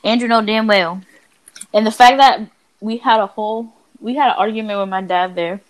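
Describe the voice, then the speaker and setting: A woman's voice: medium pitch, steady tone, moderate pace. A woman co-hosting a casual podcast, telling stories in a blunt, profane way. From Dominican family. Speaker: podcast co-host. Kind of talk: casual chat.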